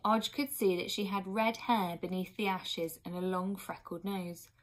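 A woman reading a children's book aloud expressively, now and then pausing for an aside to her listeners. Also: on the low side, fairly even intonation. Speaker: reader.

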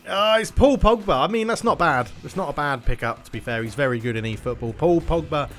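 Excitable man commentating his own game. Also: mid-range voice, quick pace, soft background music. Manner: excitable play-by-play, bursts of loud cheering. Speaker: gaming YouTuber. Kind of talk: self-commentary on a football video game.

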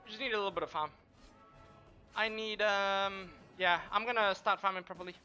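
A man streaming a game with casual, profane commentary, trash-talking and shouting during fights. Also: high voice, fairly even intonation, soft background music. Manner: brash, profane, quick to trash-talk. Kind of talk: live gameplay commentary.

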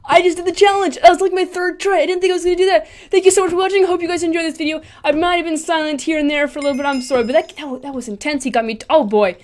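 A woman with a high voice narrates her gameplay live. She is excitable, chattering to herself and taunting the other players as she goes. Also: rapid-fire, hardly any pauses. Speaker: gaming channel host.

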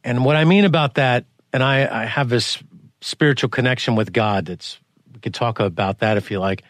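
A man's voice: moderate pace, no room sound, clean studio sound. Rambling male podcast host. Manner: rambling, restarts questions, animated pitch jumps. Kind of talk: conversational interview.

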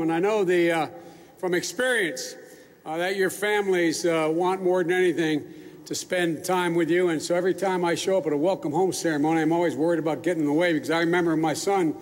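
Older man, public speech to troops, folksy and rambling, slightly high voice, echoey hall. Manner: folksy, rambling with asides and restarts. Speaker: speaker addressing troops. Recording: echoey large hall with faint noise.

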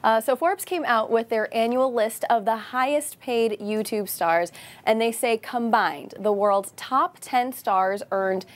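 A woman's voice: fairly high pitch, measured pace. A woman news anchor reading a light segment in a playful, wry and teasing manner from a TV studio desk.

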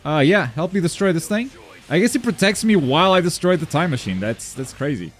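A man commentating his own online game as he plays, talking to himself, muttering asides and then yelping loudly when things go wrong. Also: on the high side, fairly quick. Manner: excitable, swings from mumbled asides to loud yelps. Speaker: gaming YouTuber. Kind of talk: live gameplay commentary.

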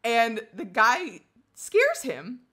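A woman co-hosting a casual chat, telling an animated story with frequent laughter and sarcastic asides. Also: fairly high pitch, drawn-out words. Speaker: podcast co-host.

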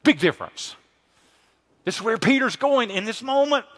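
A man preaching a sermon as pastor, emphatic, swinging from hushed lines to loud exclamations. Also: very high-pitched, lively intonation, moderate pace.

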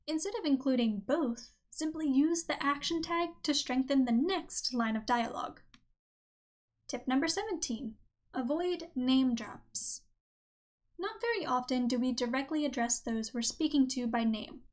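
A woman with a high voice hosts a writing-advice podcast. She reads her script in a clear, measured way and reads examples aloud as she goes. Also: lively intonation. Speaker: podcast host.

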